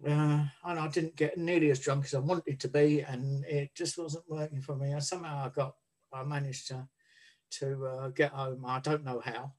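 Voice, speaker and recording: A man's voice: on the high side, level tone, moderate pace, darkish tone. A man telling his recovery story in a blunt, rambling way, swearing freely and restarting his sentences. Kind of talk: candid personal storytelling.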